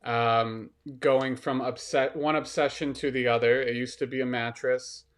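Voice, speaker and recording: A male comedian co-hosting a casual podcast, rambling along with plenty of swearing. He pokes fun at himself and keeps slipping into laughter as he talks. His pitch sits in an ordinary middle range. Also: steady tone, unhurried. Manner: rambling, profane and self-mocking, often breaking into laughter.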